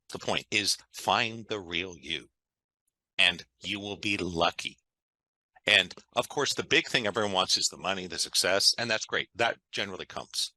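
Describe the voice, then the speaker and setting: An interview guest tells stories in an enthusiastic, conversational way, often checking in with "right?". His low-pitched voice has a bright, forceful tone, and the recording is dry and of poor quality.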